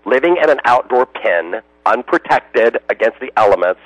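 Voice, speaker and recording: A man's voice: mid-range voice, lively intonation, moderate pace, dry recording, lo-fi sound. An American man, a radio interview guest, telling emotional stories and slipping into other people's voices. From United States.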